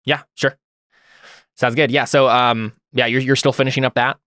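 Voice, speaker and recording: A man's voice: medium pitch, little pitch movement, sharp tone, dry recording. Guy gm'ing a tabletop game, lots of ums and restarts, dry close sound. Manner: halting, many fillers and restarts. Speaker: game master.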